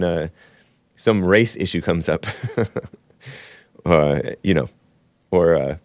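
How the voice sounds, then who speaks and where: A man's voice: mid-range voice, no echo, clean studio sound. Sarcastic rambling male show host. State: a little under the weather. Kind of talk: solo political commentary stream.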